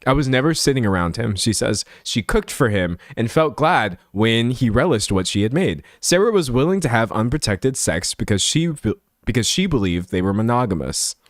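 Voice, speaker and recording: Animated young man streaming, reading aloud. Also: mid-range voice, moderate pace, hardly any pauses, no echo, studio quality. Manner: chatty, animated, swings from loud to hushed asides. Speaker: streamer reacting to an article. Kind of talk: casual reaction commentary, reading aloud.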